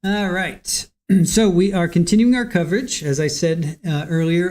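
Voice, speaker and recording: This is a livestream host in casual chat, easygoing and chatty, working through viewer names one after another. The voice is mellow and dark, sitting at a middle pitch. The delivery is relaxed and unhurried.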